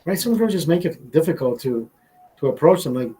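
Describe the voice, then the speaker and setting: A man tells a story in a casual, profane way, his voice sitting a bit higher than most men's. He jumps into the voices of the people he quotes as he goes. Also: fairly quick, slightly rough, low-quality recording. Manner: profane, animated, acts out quotes. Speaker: host.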